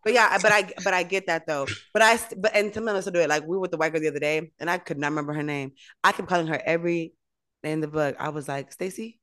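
A woman co-hosting a podcast, telling lively stories in casual chat and laughing often. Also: low-pitched, very fast. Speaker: podcast co-host.

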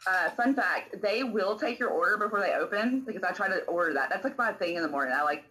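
A woman guest on a casual podcast, telling relaxed stories and laughing along. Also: medium pitch, quick pace, rough recording. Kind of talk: casual chat.

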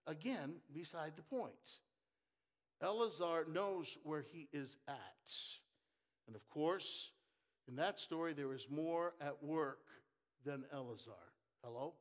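Male preacher, high voice, animated sermon with loud peaks and quiet asides, jokes with the crowd. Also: slow. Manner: animated, swings between loud emphasis and soft asides; jokes with the congregation.

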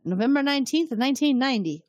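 A woman's voice: sits high, lively intonation, racing, a little mellow, no room sound, studio quality. A woman co-hosting a podcast, recapping an episode in casual chat, sarcastic and swearing, often laughing.

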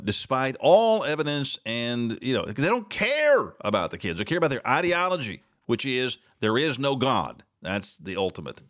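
A man's voice: medium pitch, a bit bright. A man hosting a solo talk show, giving opinionated commentary with sarcastic, mocking asides and many repeated words.

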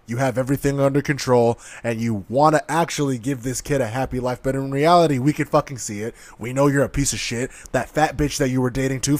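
A man's voice: medium pitch, no room sound. Profane, heated male commentator ranting. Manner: profane, aggressive, sarcastic. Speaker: online commentator.

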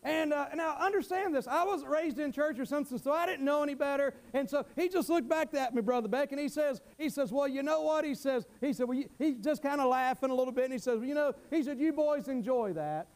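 Man, middle-aged, very high-pitched, fervent folksy sermon. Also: a little fast. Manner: fervent, folksy, repeats words, shouts amen. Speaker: preacher.

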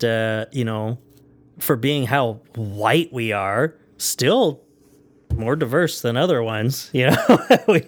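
A man from the United States co-hosting a podcast at a mid pitch. He rambles through casual chat with plenty of fillers and restarts. He breaks into laughter often. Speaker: podcast co-host.

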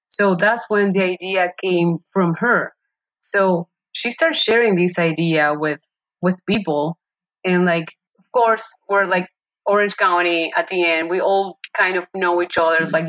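A woman guest telling a story in a casual interview, animated, laughing often and restarting her sentences. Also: on the low side, moderate pace, highs cut off. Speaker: podcast guest.

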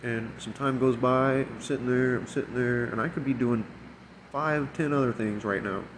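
A man's voice: mid-range voice, steady tone, moderate pace, noisy background. A man telling a long, profane story about a difficult coworker, exasperated and imitating people's voices as he quotes them. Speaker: restaurant shift manager. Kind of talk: casual storytelling rant.

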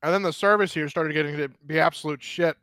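A man telling a rambling, profane story in casual chat, animated and laughing. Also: fairly high pitch, quick pace, slight background noise.

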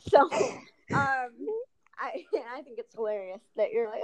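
A young woman host from New Mexico, raised in Texas, who has a speech impediment and talks warmly in a rambling way full of restarts. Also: high voice, lively intonation, a little slow, poor audio. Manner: rambling, with many restarts and laughs. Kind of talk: casual heartfelt chat.

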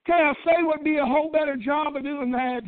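A middle-aged man preaching a Baptist sermon in a fervent cadence that builds to shouting. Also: very high voice, steady tone, quick pace, no room sound. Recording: dry, tinny phone-like church recording.

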